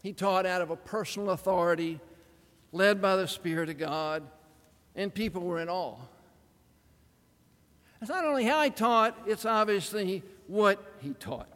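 With an unhurried delivery and long pauses, this man preaches in a high, spirited voice that mixes theatrics with wry humor. A large church hall's lengthy reverb follows each line.

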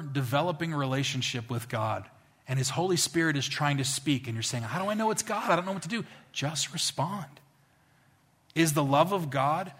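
Pastor, male, lively conversational sermon delivery, bright forward tone. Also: on the high side. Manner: animated, conversational storytelling.

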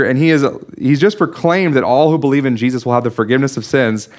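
A man's voice: mid-range voice, a little fast, few pauses. A man preaching a sermon, explaining a Bible passage in an earnest teaching manner with frequent restarts and small asides. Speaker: pastor.

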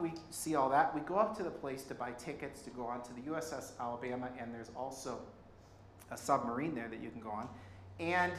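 A man preaching a sermon, telling a travel story in a conversational, animated way with occasional laughs. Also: on the high side. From Colorado. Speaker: pastor. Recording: roomy hall sound with faint background noise.

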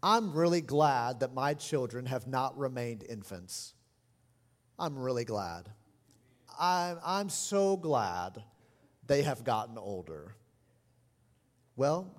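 A middle-aged man preaching a sermon as pastor, animated and expressive, lively in his delivery. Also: medium pitch, slow. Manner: animated preaching, lively mimicry of scolding parents. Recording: long hall reverb.

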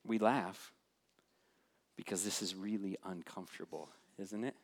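A man's voice: sits low, steady tone, unhurried. A male preacher giving a sermon in a conversational way, often putting questions straight to the listeners.

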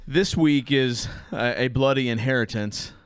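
A man's voice: mid-range voice, a little slow, clear, resonant tone, no room sound. An American man, a pastor, talking about his sermon in a rambling, self-interrupting way and laughing often. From United States. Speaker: pastor and preacher. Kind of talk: casual chat.

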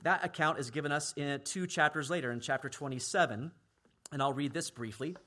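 A male pastor preaching a sermon earnestly, at times dropping to a hushed, grave tone for emphasis. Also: fairly high pitch, a little fast.

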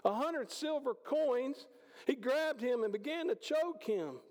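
A man preaching a conversational sermon, swinging between loud passages and hushed ones. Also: high voice, expressive, normal speed, creaky. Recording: hall reverb.

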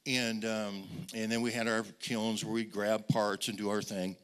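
A middle-aged male pastor delivers an animated, story-driven sermon, addressing the congregation directly and often repeating words. His voice is on the low side, with a moderate pace and a clean tone.

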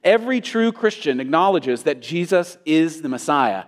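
A man's voice: fairly high pitch, very animated, normal speed. A male pastor preaching an emphatic sermon, with his intensity rising and falling. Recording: long hall reverb.

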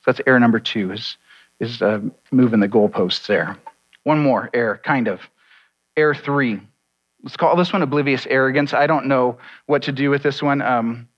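A man preaching to his congregation in an easygoing, conversational way, with self-deprecating asides. His voice sits a bit high for a man. The recording sounds dull and lo-fi, as if the top end has been rolled off. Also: a bit bright. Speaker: pastor. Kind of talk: sermon.

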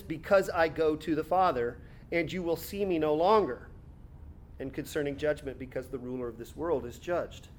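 A man preaching an expository sermon, reading scripture aloud and then explaining it in a conversational way, slowing down to stress key words. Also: fairly high pitch, slight background noise. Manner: slows down and stretches words for emphasis.

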